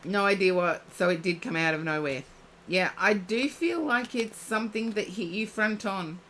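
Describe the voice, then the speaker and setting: A woman's voice: mid-range voice, normal speed, a bit bright, slight background noise. A woman giving a live-streamed oracle card reading, chatting and thinking aloud as she reads. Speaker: psychic card reader.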